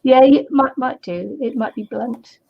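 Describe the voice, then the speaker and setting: A woman's voice: high voice, unhurried, vocal fry. A woman chatting casually while crafting over a video call, hesitant with many fillers. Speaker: craft streamer. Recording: dull lo-fi audio.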